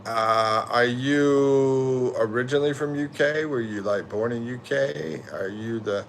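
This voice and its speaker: A man's voice: mid-range voice, measured pace, a bit bright, slight background noise. Tired, rambling American man chatting live. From USA. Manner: rambling, self-correcting, loose slangy talk. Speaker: livestream host. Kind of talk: casual livestream chat reading viewer comments.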